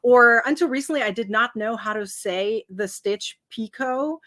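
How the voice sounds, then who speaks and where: A woman's voice: fairly high pitch, normal speed, bright, forceful tone. A woman in her thirties with a slight foreign accent, a guest chatting and laughing often while she tells stories in an interview. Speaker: guest crafter. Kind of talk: casual interview chat.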